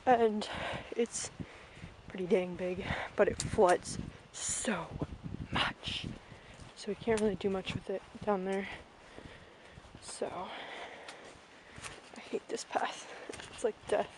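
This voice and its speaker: A woman's voice: medium pitch, steady tone, takes it slowly, pauses often, noisy background. A young woman casually vlogging an outdoor farm tour on a handheld camera, chatting and calling out to her ponies.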